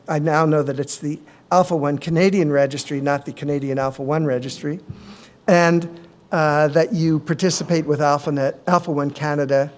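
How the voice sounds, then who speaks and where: A middle-aged male physician giving a conference presentation, measured, with frequent ums and uhs. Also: fairly high pitch.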